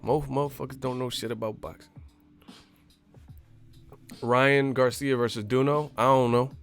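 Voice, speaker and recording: A man's voice: mid-range voice, fairly even intonation, measured pace, a bit bright, soft background music. Loose-talking man on a stream. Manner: loose, slangy, profane, laughing storyteller. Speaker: live stream host. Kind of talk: casual boxing talk.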